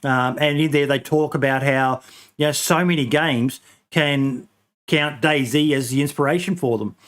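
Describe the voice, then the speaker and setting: A man's voice: fairly high pitch, steady tone, a little slow. A man hosting a casual podcast, rambling with many ums and restarts and casual swearing. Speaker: podcast host.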